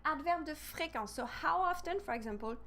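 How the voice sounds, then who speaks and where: French-accented woman teaching brightly. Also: sits high, a little fast. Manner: lively, spells words out letter by letter. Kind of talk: live online language lesson.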